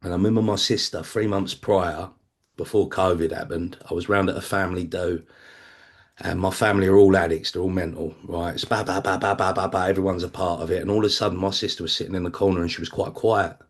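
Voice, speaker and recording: A man's voice: sits low, steady tone, fast, husky. A man speaking at a recovery meeting, sharing his personal testimony in a blunt, conversational way, swearing freely and acting out other people's voices.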